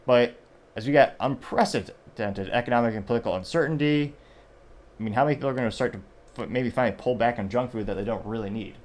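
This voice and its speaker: A man's voice: medium pitch, quick pace. A male host giving casual news commentary, rambling and correcting himself as he reads business stories aloud.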